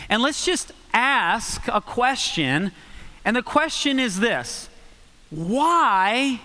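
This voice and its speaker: High bright-voiced male preacher. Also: clean tone, long reverb tail. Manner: animated, varies pace for emphasis. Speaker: guest preacher. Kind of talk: sermon with scripture reading. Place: church sanctuary.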